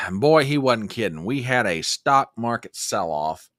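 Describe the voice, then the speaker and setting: A man's voice: fairly low pitch, moderate pace, no room sound, clean studio sound. A man hosting a casual livestream, folksy and talkative, reading viewer comments aloud. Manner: folksy, animated, reads chat comments aloud. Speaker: livestream host.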